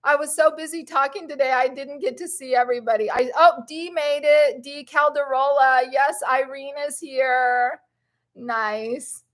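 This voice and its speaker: Woman vlogger, high voice, slow unhurried delivery, effusive and encouraging live-stream chat. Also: steady tone, fairly bright tone. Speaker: plant-based lifestyle vlogger.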